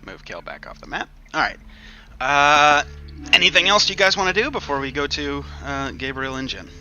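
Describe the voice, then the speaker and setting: A man narrating a tabletop game as game master, lively, with quick asides. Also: on the high side, a little hiss or hum.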